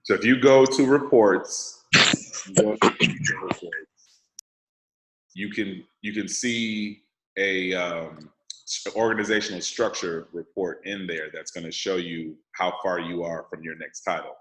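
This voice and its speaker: A man's voice: low-pitched, steady tone, measured pace. A man leading an online sales training call, explaining casually and step by step while checking that the group follows. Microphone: video call. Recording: roomy echo.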